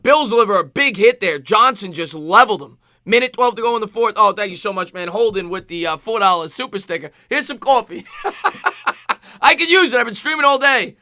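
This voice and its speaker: A man with a New York accent streaming live play-by-play football commentary, excitable, with rhyming calls and thanks to chat viewers. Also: sits high, brisk, no room sound. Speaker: sports streamer.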